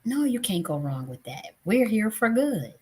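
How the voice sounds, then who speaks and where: A woman's voice: mid-range voice, sing-song, normal speed, warm tone, husky. A woman in her thirties hosting a tarot live stream, talking casually and bluntly with profanity, often getting worked up. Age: 30s.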